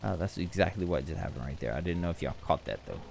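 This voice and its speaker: A man's voice: deep voice, expressive, fast, gravelly, background noise. A tired man giving rambling, chatty commentary over his own gameplay, often correcting himself as he goes. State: tired, yawning. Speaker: gaming channel host.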